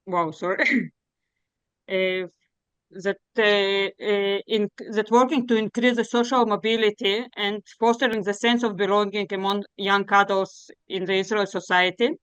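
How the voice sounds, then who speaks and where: Woman, Russian accent, smooth clear voice, dry sound, halting presentation. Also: medium pitch, fairly bright tone, dry recording, lo-fi sound. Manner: earnest, halting non-native English with fillers. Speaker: program director presenting. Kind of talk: workshop presentation.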